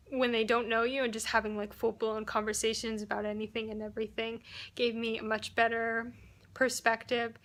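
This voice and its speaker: Bright-voiced chatty woman vlogger. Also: on the high side. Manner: chatty, retells conversations with lots of "like". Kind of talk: casual vlog recap.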